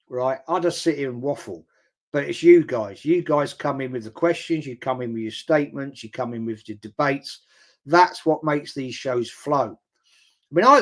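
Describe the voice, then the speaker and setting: An older man hosting a casual live chat, rambling bluntly, swearing casually and repeating words for emphasis. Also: fairly high pitch. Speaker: host. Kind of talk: casual live-stream chat reading viewer comments.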